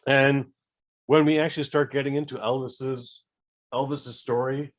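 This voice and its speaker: A man co-hosting a podcast, rambling through an animated casual chat with many fillers. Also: mid-range voice, moderate pace. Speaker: podcast co-host.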